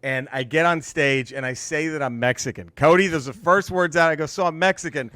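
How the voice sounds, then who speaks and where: A man's voice: on the high side, fairly quick, no room sound. A man, a stand-up comedian, telling a story in casual podcast chat, laughing often and acting out the people in it. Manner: animated, laughing storyteller who acts out quotes.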